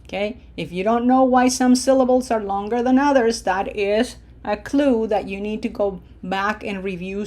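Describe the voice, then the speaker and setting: A woman teaching Spanish verb endings, drilling each form slowly and encouraging her students. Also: medium pitch, a little mellow. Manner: slow, deliberate drill pronunciation with encouraging asides. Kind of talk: language lesson.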